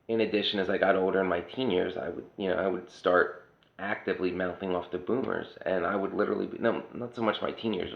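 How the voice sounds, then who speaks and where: Speaking at a quick pace in a deep, steady voice with vocal fry, a Pennsylvania vlogger rants in a casual monologue. He is sarcastic, blunt, and swears a lot, and the audio sounds roomy and dull.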